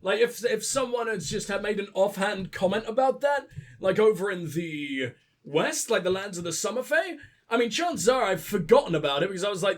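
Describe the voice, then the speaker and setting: A man's voice: high-pitched, expressive, brisk. A young man with sniffles, commentating his gameplay in a profane, rambling, joking way. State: sick with sniffles. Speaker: let's play host.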